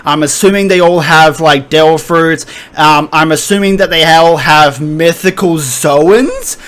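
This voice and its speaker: Give me a hesitant, rambling male reviewer with a slightly high voice. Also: a little slow, fairly bright tone. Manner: rambling, hesitant, laughs a lot. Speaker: anime and manga reviewer. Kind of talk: casual commentary.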